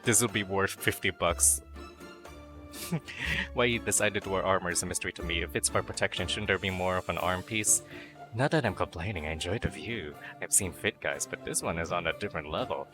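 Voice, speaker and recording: A man's voice: deep voice, a little fast, over music. A man streaming a dating sim, reading the story aloud and breaking in with playful, crude jokes and silly noises. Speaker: VTuber game streamer.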